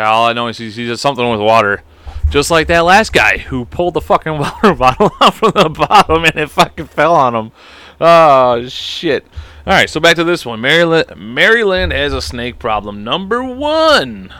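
A man's voice: medium pitch, clean tone, dry recording. Man, thirties, solo podcast host, swearing and laughing, dry close mic. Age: 30s. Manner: laughing, profane, animated commentary. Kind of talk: solo podcast, reading aloud and riffing.

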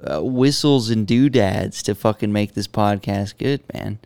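Young man, podcast co-host, crude joking banter, gravelly yet smooth voice, dry close sound. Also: fairly low pitch, unhurried, darkish tone, no echo. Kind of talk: casual chat.

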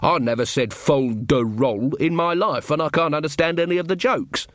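A man's voice: on the high side, moderate pace, no echo, clean studio sound, pitched above the performer's own voice, close to an everyday voice. A man voicing an earnest rustic village baker in an audiobook. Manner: earnest, putting on old-fashioned talk. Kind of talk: audiobook reading.

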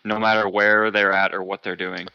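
A man's voice: fairly low pitch, little pitch movement, normal speed, gravelly, smooth, no echo, highs cut off. A man co-hosting a casual podcast chat, blunt and profane, laughing often. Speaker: podcast co-host.

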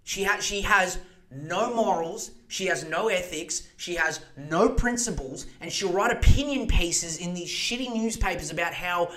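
A man's voice: sits high, unhurried, pushed and bright. Fired-up swearing man. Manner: passionate, swearing, speeds up when worked up. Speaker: podcast host. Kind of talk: casual political rant.

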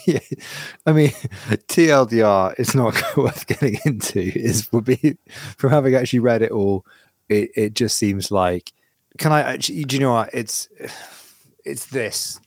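A man's voice: medium pitch, unhurried, no echo, clean studio sound. A man co-hosting a podcast in casual chat, rambling and self-interrupting, laughing often. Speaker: podcast co-host.

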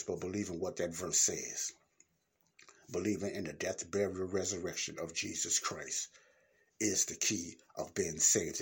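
A man's voice: low voice, a little mellow, slightly rough. A man hosting his own podcast, giving a blunt, plain-spoken Christian teaching in a casual talk. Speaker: podcast host.

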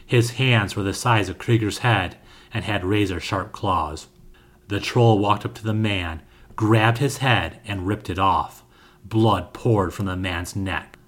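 A man narrating a scripted fantasy story with a steady, dramatic reading. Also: fairly low pitch.

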